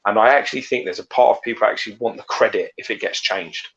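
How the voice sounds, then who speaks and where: A man's voice: on the low side, fast talker, gravelly, fairly bright tone. A man co-hosting a podcast in casual chat, blunt and ranting with plenty of swearing. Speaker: podcast co-host. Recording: slightly dull lo-fi audio.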